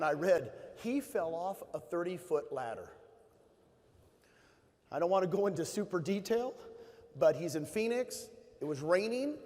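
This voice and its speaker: A middle-aged man with a slightly high voice tells stories from a conference stage. He speaks with emphasis and repeats his key phrases. A long hall reverb trails behind his words. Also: darkish tone. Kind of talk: motivational stage talk.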